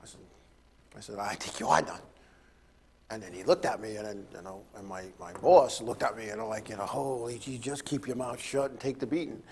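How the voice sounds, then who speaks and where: A man's voice: on the low side, a little fast, a little mellow. A middle-aged man hosting a radio talk show, telling stories in a rambling way with many fillers and chuckles. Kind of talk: casual storytelling chat.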